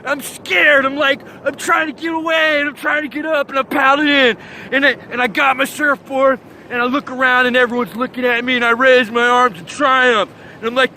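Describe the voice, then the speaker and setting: Young man from Florida, surfer-dude comic monologue; very high, forceful voice, hyped slang and shouted sound effects. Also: level tone, normal speed, slight background noise, poor audio. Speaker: comic vlogger.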